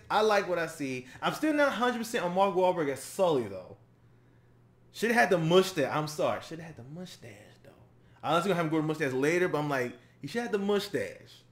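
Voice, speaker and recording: A young man hosting a casual reaction video, excitable and rambling with frequent restarts. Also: fairly high pitch. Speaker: YouTube reaction host.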